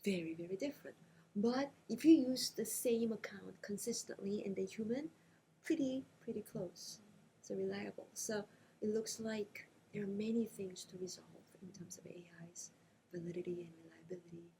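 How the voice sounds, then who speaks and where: A woman researcher speaking in a conversational interview, talking in animated quick bursts with frequent hesitations. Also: medium pitch, poor audio. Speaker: invited lecturer being interviewed. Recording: faint background noise.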